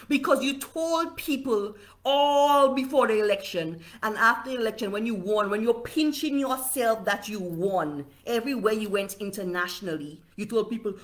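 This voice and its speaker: A woman's voice: mid-range voice, normal speed. A Saint Lucian woman delivering a fiery, repetitive political rant on a livestream, slipping into local dialect.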